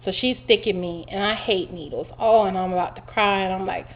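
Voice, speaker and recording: Woman vlogger, mid-pitched, animated and rambling, muffled home recording. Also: fairly quick, slight background noise. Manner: chatty, animated retelling with many fillers. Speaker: vlogger recounting her surgery. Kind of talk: casual storytelling to camera. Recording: dull lo-fi home video audio.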